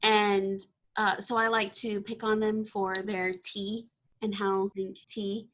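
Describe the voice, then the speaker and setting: A woman's voice: mid-range voice, takes it slowly. A young woman from Texas, hosting a casual podcast chat and laughing often. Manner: bubbly, laughs often, excitable. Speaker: podcast host.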